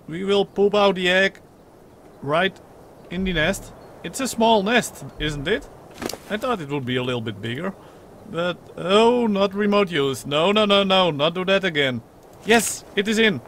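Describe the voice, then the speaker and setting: A young man with a high, light voice commentates his gameplay at the desk, excitable and chattering, stacking up repeated words and breaking into laughs. He plays along as the mother creature he controls, half joking. A steady noisy hiss sits under his voice. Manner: playfully role-plays as the mother creature in the game. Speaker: gaming channel host. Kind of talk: let's play commentary.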